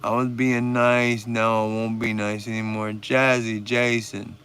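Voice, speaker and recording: Slow, gravelly man with music behind. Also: lowish voice, level tone, a bit bright. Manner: laid-back, profane, teasing banter. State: stoned. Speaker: livestream host. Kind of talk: casual livestream chat.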